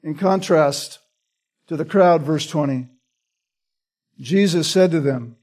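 A man with a high voice teaches a passage of scripture verse by verse. He talks in an easy conversational sermon style, restarting phrases and often checking in with a quick "right?". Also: a little mellow. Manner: repeats words while teaching, asks "right?". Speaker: pastor. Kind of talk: expository Bible teaching.

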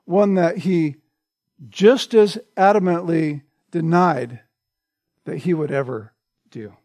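A man with a notably high voice delivers a Bible-teaching sermon. He talks conversationally and keeps tossing in a questioning "right?" to his listeners. The sound is close and dry, with no room echo. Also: slow, a little mellow. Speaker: preacher.

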